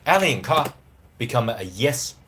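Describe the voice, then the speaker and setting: Casting: male language teacher, casual live lesson, animated pitch, often checks in with listeners. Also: a little slow, noisy background. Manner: lively, repeats "right?" and "you know what?".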